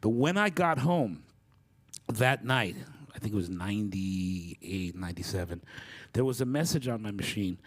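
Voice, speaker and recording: A man's voice: fairly low pitch, animated, moderate pace. A middle-aged man giving a candid, reflective storytelling talk as a faculty speaker. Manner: candid and reflective, with occasional fillers.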